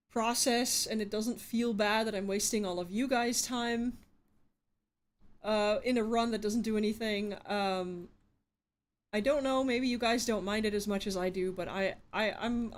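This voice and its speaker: A woman streaming a game, talking casually to her chat, frustrated and swearing, rambling with restarts. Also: medium pitch.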